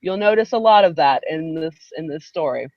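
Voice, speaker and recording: A woman's voice: low voice, animated, brisk, dry recording. A woman hosting a live broadcast from home, telling a long, rambling story with frequent asides. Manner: chatty, rambling storyteller who breaks off for asides. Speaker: host. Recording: dull, dry live-stream audio.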